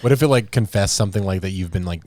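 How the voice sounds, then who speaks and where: A man's voice: fairly low pitch, racing, darkish tone, no room sound, clean studio sound. A man co-hosting a podcast in casual chat, rambling and laughing easily. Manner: rambling, trails off and restarts often, laughs easily. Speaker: podcast co-host.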